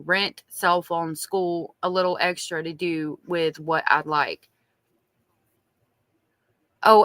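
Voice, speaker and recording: A woman with a strong Southern accent reads diary entries aloud on a true crime live stream, chatting with viewers in between. Her voice sits fairly low and sounds pushed and bright, with no room sound. She's chatty, reading the diary and reacting to chat.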